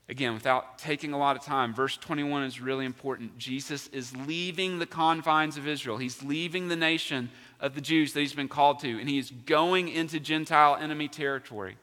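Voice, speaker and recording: A man's voice: mid-range voice, fairly quick, few pauses, bright, forceful tone, in a large hall. A male pastor preaching a sermon in a church, emphatic and asking his congregation questions. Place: church sanctuary.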